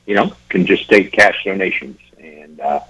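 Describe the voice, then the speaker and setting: A man guest on a radio talk show, talking casually and haltingly with many fillers. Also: low-pitched, pushed and bright, breathy edge. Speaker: event organizer guest. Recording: dull lo-fi radio audio.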